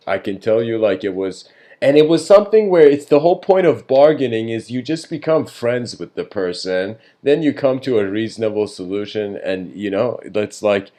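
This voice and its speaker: A man's voice: lowish voice, warm tone. Rambling man musing aloud. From Iran. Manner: rambling, lots of fillers and restarts, laughs often. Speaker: speaker giving a philosophical talk. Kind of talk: casual reflective monologue.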